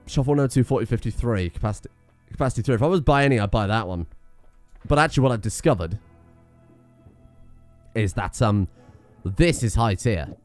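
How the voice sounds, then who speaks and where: A man's voice: mid-range voice, lively intonation, a little fast, long pauses, a little mellow, no room sound, faint music behind. A man giving casual let's-play commentary, rambling, self-mocking and swearing freely as he plays. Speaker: gaming streamer.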